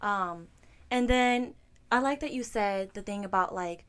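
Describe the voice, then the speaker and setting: A woman's voice: medium pitch, clear, resonant tone. A woman co-hosting a casual podcast, speaking candidly and expressively. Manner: expressive, quick affirmations, candid. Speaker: podcast co-host.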